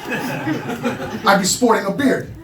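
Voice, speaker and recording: A Long Island man in his thirties, speaking in a high voice and taking it slowly, tells brash, self-deprecating stories in a stand-up set at a small club. The background is noisy, with a loud crowd and roomy, distant sound.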